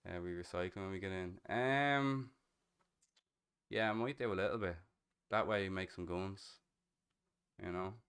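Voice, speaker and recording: Low-voiced Irish man, 30, swearing casually. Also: moderate pace, long pauses, fairly bright tone, clear, resonant tone. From Ireland. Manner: slangy, swears freely, chatty and laughing. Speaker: streamer in a role-play game. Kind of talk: casual gaming voice chat.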